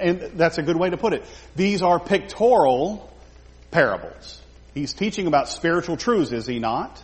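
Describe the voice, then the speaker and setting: A man's voice: medium pitch, long reverb tail. A man teaching a Bible study, talking the group through a passage and acting out the quoted lines in character.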